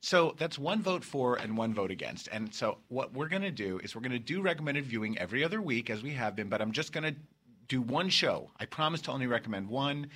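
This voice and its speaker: A man's voice: medium pitch, expressive, brisk, fairly bright tone. A man in his fifties hosting a comedy podcast, chatting in a playful, campy way and cracking jokes. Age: 50s. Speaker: podcast host. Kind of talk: casual comedy podcast chat.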